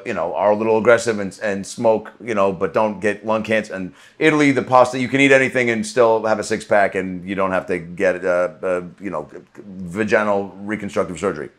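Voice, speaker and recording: Loose, profane male comedian host. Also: fairly low pitch. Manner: loose, profane, joking and rambling. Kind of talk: casual podcast monologue. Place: comedy club green room.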